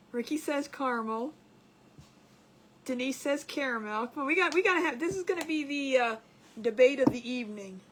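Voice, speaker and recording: A woman's voice: high-pitched, a little hiss or hum. A woman hosting a live crafting stream, chatting casually and giggling as she reads viewer comments aloud. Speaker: craft livestream host.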